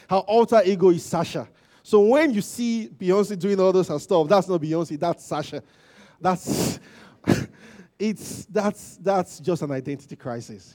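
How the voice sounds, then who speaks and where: A man preaches in a relaxed, informal sermon, talking to the congregation as if chatting with them. His voice sits somewhat high yet sounds mellow and warm. He keeps checking in with the listeners, swelling for emphasis and then dropping away quietly. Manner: informal, peppered with "you know" and "okay?" checks to the congregation; animated, rising loud at emphasis and trailing low. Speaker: lay preacher. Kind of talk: conversational sermon.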